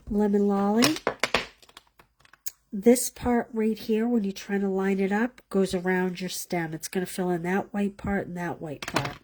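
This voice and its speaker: A woman's voice: medium pitch, background noise. A woman leading a live card-making class, chatting as she demonstrates and thinking aloud, sometimes dropping to a whisper as she works.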